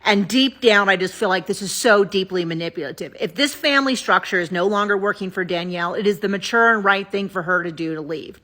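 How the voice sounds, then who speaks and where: A woman's voice: medium pitch, a little fast, few pauses, bright, forceful tone. A woman giving candid, opinionated casual commentary to camera as a vlogger recapping a show.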